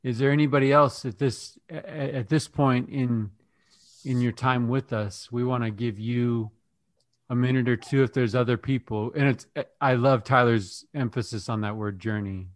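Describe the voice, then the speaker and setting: A man's voice: mid-range voice, fairly even intonation, normal speed, no echo. A man hosting a podcast, asking reflective questions and often restarting his words as he thinks. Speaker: podcast host. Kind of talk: podcast interview.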